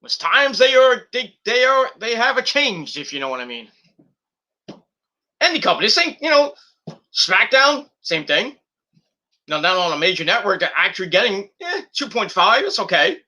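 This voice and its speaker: Bright, high-voiced man ranting. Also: very animated, moderate pace. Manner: profane, heated ranting. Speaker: wrestling review host. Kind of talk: ranting show review.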